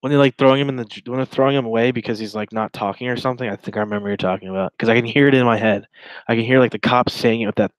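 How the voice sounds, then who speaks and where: A man's voice: medium pitch, steady tone, rapid-fire, no echo, rough recording. A man in his twenties giving casual, rambling reaction commentary while reading a chat log, with sarcastic asides.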